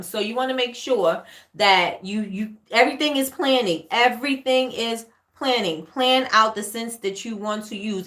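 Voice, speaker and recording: A woman with a New York accent hosts a relaxed livestream Q&A, her voice bright and forward. She talks in a loose, chatty way, repeats phrases, and reads viewer comments aloud between tips. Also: mid-range voice, roomy sound. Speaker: livestream host, candle maker. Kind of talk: casual livestream Q&A. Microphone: webcam or phone livestream.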